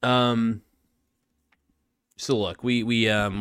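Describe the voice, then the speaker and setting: A man's voice: on the low side, moderate pace, pauses often, no echo, studio quality. A man musing aimlessly and offhandedly to camera in a rambling solo vlog monologue.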